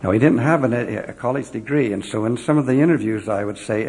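Gravelly man telling earnest mission stories. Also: mid-range voice, brisk, darkish tone. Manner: earnest storyteller acting out remembered dialogue. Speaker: former mission president addressing an audience. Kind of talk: devotional talk with personal stories.

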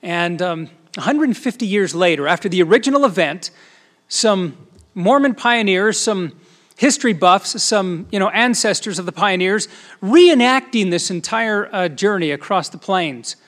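Middle-aged man, former reporter, preaching through a story; slightly high voice, goes from hushed to booming. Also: animated, moderate pace. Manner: storytelling, acts out dialogue, shifts between soft asides and loud emphasis. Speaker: speaker at a church gathering, former TV news reporter. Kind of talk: sermon-style personal story.

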